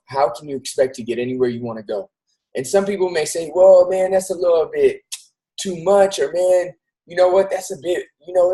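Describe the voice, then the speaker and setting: A man's voice: fairly high pitch, darkish tone, low-quality recording. A man hosting a show, giving an earnest, casual motivational talk straight to his listeners. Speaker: host.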